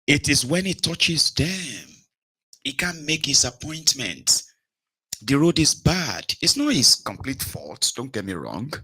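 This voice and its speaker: A man's voice: mid-range voice, sing-song, slow, sharp tone, husky, no room sound. A man with a Nigerian accent hosting a show, giving wry conversational commentary. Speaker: host and political commentator. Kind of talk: commentary monologue.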